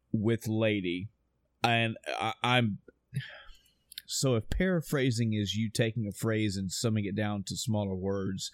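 A man's voice: fairly low pitch, no echo, studio quality. Profane, rambling man chatting casually. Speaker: podcast host reviewing a video game. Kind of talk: casual chat.

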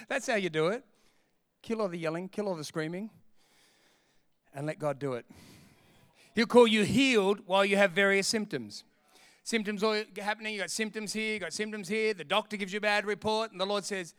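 A man preaching a sermon in an animated way, acting out voices and laughing often. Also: high voice, normal speed, pauses often, clear, resonant tone, no room sound, clean studio sound. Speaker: pastor.

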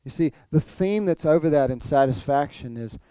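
Male pastor, animated sermon delivery, mellow tone, dry close sound. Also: fairly high pitch, moderate pace, clear, resonant tone, no room sound. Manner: animated, acts out quoted voices, repeats phrases.

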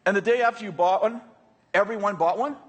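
Man, American accent, preacher, sermon, high voice, husky, conversational, joking, checks in with the audience. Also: fast.

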